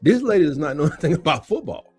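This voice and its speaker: Sports co-host, male, lively swinging delivery, loose and jokey, dry close mic over faint music. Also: fairly high pitch, very fast, slightly rough, no echo. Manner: animated storyteller, laughs often, repeats catchphrases. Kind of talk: casual sports chat.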